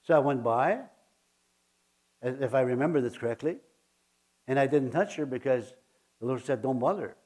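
A man preaching a sermon, earnest and halting, often repeating his words. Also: medium pitch, darkish tone.

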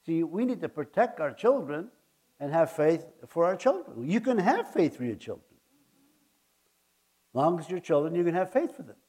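A man preaching a sermon, earnest and halting, often repeating his words. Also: on the high side, a little mellow.

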